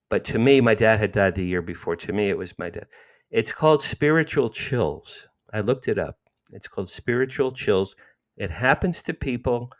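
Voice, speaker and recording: A man in his sixties, emotionally retelling a personal story as an interview guest, with frequent restarts. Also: on the low side. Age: 60s.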